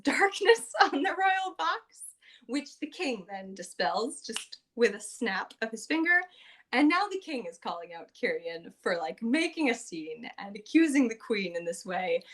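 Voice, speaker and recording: A woman's voice: mid-range voice, a bit bright. A woman hosting a podcast, recapping a tabletop game session in a casual, chatty way with plenty of fillers and acted-out quotes. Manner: chatty, filler-heavy, often acts out quotes.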